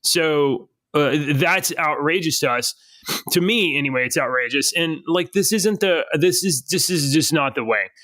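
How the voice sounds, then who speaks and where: A man's voice: fairly high pitch, normal speed, sharp tone, dry recording. Indignant podcast co-host man. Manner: indignant, stumbling restarts. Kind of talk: casual podcast chat.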